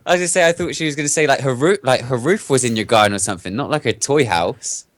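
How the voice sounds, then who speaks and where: A man's voice: medium pitch, quick pace, fairly bright tone, dry recording. A man co-hosting a casual gaming podcast, teasing and chuckling at the others. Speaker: podcast co-host. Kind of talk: casual chat.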